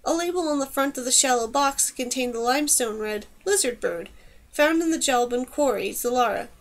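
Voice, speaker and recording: High-voiced woman reading a fantasy audiobook, steady storytelling. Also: moderate pace. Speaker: audiobook narrator. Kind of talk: scripted narration.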